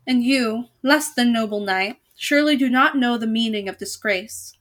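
A noble, melancholy knight from a read-aloud storybook, voiced by a woman, speaking softly and evenly. He stays calm and dignified. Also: on the high side, close to an everyday voice. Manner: soft, measured.

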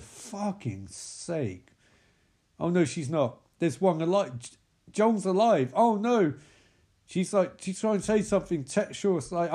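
A man's voice: sits high, expressive, measured pace, mellow. A man recapping a film in a sarcastic, sweary, mocking way, with exasperated sighs. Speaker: film reviewer.

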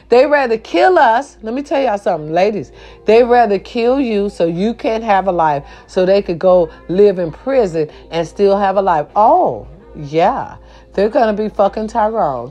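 A woman delivering an impassioned vlog rant. She is blunt and profane, and she repeats her phrases for emphasis. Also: medium pitch. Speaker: vlogger.

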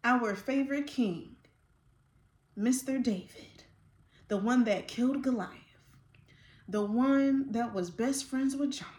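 A woman hosts a faith-based talk and speaks with open passion. She drops casual slang as she goes, breaks into quick laughs and builds excitement. The sound is roomy and echoey. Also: fairly high pitch. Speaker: podcast host.

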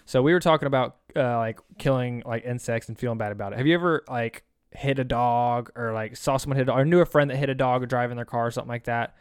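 Animated young man telling a story. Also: medium pitch, fast talker, hardly any pauses, clean tone, dry recording, studio quality. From Tennessee. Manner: animated, swearing, laughing storyteller. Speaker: podcast co-host. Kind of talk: casual chat, storytelling.

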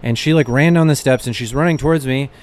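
A man who is a comedian, telling stories in a casual chat, animated and full of filler words. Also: mid-range voice, fast, a little hiss or hum. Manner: animated anecdotes with frequent fillers. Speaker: comedian guest.

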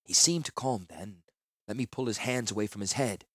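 A man narrating a first-person fantasy novel in a measured, earnest way. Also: lowish voice, slightly rough, dry recording, clean studio sound. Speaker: audiobook narrator.

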